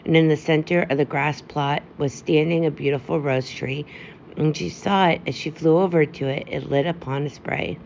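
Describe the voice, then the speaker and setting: A woman reading a fairy tale aloud in a steady, gentle storytelling manner. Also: low voice, moderate pace, gravelly. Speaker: audiobook reader. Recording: dull lo-fi with faint hiss.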